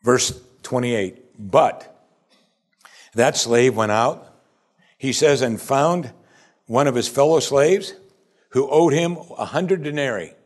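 A man preaching a sermon in a voice of ordinary middle pitch. He presses his points with rhetorical questions. He pushes up to loud, high emphasis, then drops to hushed, low passages. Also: slow pace, pauses often. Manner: rising to emphatic peaks, then dropping to soft and quiet; asks the congregation repeated rhetorical questions. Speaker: pastor.

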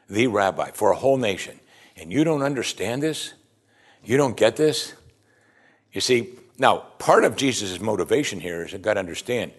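Husky-voiced man preaching animatedly. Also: lowish voice. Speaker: pastor. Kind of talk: sermon.

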